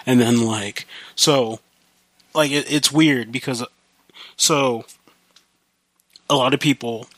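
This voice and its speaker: A man's voice: medium pitch, fairly even intonation, takes it slowly, long pauses, dry recording. A man from the US Midwest with a slight country accent, rambling casually and swearing often on his own podcast. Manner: rambling, profane, many fillers. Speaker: podcast host.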